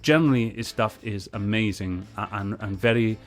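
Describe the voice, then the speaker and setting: A man's voice: fairly low pitch, normal speed. A man talks back at a clip he is reviewing, earnest and heated in his rebuttals. Faint music plays underneath his voice. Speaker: video reviewer. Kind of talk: reaction commentary on a clip.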